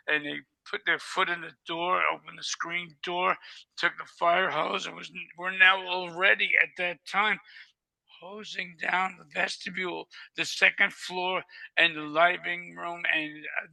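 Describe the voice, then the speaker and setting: Older male guest, high gravelly voice, lively raconteur who plays every part. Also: dry recording, low-quality recording. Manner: vivid storyteller who acts out dialogue. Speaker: interview guest. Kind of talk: animated storytelling.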